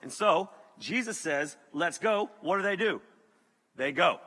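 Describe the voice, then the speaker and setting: A man gives an animated, joking sermon to students and talks straight to the crowd. His voice is bright and a bit high. The sound carries the long reverb of a large hall. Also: unhurried, slightly rough. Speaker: youth pastor.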